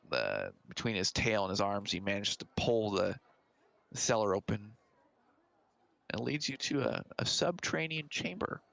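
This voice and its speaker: Gravelly male game master with a dry, close sound, halting and full of fillers. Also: lowish voice, a bit bright, no echo. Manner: halting, hesitant narration with many fillers. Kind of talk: narrating a tabletop game.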